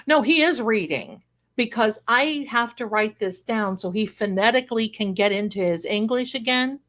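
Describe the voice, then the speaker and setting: A woman's voice: on the high side, expressive, moderate pace, fairly bright tone. A middle-aged woman hosting a casual live stream, chatting with viewers in a rambling way and breaking into song and laughter. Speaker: livestream host.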